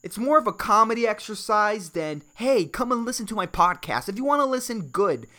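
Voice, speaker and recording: A man's voice: high-pitched, very animated, a little fast, bright, forceful tone. A man from Puerto Rico hosting a solo comedy podcast, rambling and swearing, swinging between worked-up rants and mumbled asides. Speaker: podcast host.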